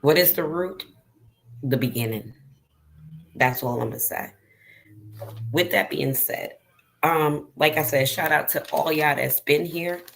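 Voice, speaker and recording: A middle-aged woman talks straight to her viewers, slow and deliberate, her low voice full of gravel. She speaks earnestly and with feeling, telling a personal story. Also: a little hiss or hum. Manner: slow, earnest and emotional, addressing viewers directly. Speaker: vlogger.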